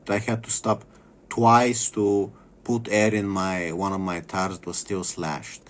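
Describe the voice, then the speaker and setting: A man's voice: low voice, flat delivery, unhurried. A man delivering an angry, profane vlog rant, bitter and repeating phrases for emphasis. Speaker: vlogger. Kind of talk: angry ranting monologue.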